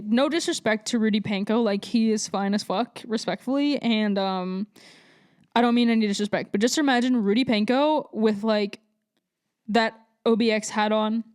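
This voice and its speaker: A young woman hosting a podcast, telling a story in a blunt, profane, rambling way with lots of fillers, swinging between quick rants and slow drawn-out asides. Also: medium pitch, darkish tone, smooth. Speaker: podcast host. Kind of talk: casual monologue.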